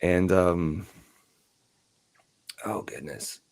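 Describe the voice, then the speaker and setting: A low, gravelly-voiced man hosts a loose live chat. He talks slowly, circling back and interrupting himself as he rambles. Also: a little mellow. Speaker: podcast host.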